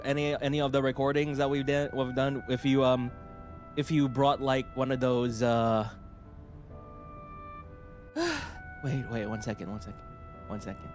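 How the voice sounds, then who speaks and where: A young man chatting excitedly on a livestream, rambling and jumping between shouting and mumbling. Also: mid-range voice. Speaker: streamer. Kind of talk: excited casual livestream chat.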